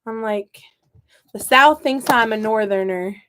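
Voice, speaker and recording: A woman's voice: a little high, unhurried, fairly bright tone. A young woman from the American Midwest with a Midwestern accent, chatting and rambling as she repots seedlings for her gardening vlog. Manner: chatty, rambling, self-mocking. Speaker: gardening vlogger. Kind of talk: casual chat while working.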